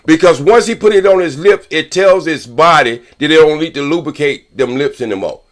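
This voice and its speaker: An older man on a podcast panel, arguing loudly and profanely and repeating points for emphasis. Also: a little high, brisk. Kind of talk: heated podcast debate.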